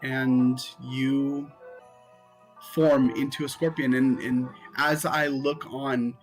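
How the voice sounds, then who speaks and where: A man slowly describing his character's spell in a tabletop game, pausing with many ums. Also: medium pitch, flat delivery, faint music behind, rough recording. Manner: slow, halting, many ums. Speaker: player.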